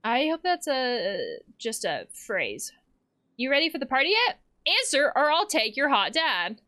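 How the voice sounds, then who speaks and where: A woman's voice: high voice, wildly swooping pitch, measured pace, bright, forceful tone. A woman therapist playing a video game, casually reading text messages aloud with playful, laughing asides. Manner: playful, laughs and swears between read-out lines.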